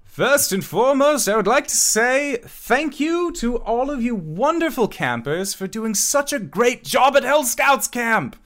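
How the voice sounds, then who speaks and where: A man's voice: extremely high pitch, expressive, unhurried, few pauses, a bit bright, voice pushed up, heavily acted. A man voicing a cheery male tiefling who runs a camp, talking up to a crowd of kids in a tabletop game. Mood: showy. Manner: upbeat, playing to a crowd of kids.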